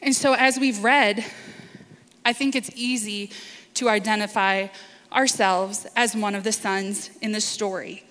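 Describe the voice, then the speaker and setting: A woman preaches a sermon in slow, deliberate short phrases with earnest emphasis. Her voice sits in a middle range. The sound carries a long hall reverb. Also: medium pitch, fairly even intonation, a bit bright.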